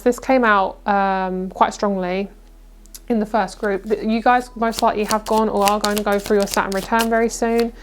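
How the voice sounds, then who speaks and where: A woman's voice: mid-range voice, a little hiss or hum. A young woman giving a casual, reassuring tarot reading, chatty and full of fillers. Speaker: tarot reader.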